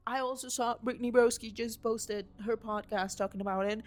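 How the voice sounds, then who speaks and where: A young woman vlogging at home, rambling excitedly and swearing casually about a film while waving a handheld mic. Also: a little high, fairly quick, soft background music. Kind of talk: unscripted excited movie rant. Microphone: handheld mic waved around.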